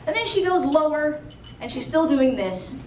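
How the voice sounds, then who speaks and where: Chatty high-voiced woman telling a story. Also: normal speed, slight background noise. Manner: chatty, animated, lots of "like". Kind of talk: live storytelling. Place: storytelling stage before an audience. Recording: roomy, distant live-stage mic.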